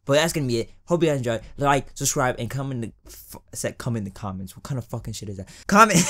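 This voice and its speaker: A man hosting a reaction video, casually commenting with loud, profane, incredulous outbursts. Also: mid-range voice, fast. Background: beatbox battle video playing.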